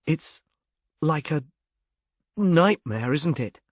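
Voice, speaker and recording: A bashful young gentleman who stammers over his words and keeps apologising with awkward politeness, as a man reads him. He is pitched fairly high, and the voice sits dry and close. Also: animated, extremely slow, no room sound, full character voice. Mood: earnest, worried. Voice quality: stammering, diffident. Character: shy stammering young Englishman, earnest and polite. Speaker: reader.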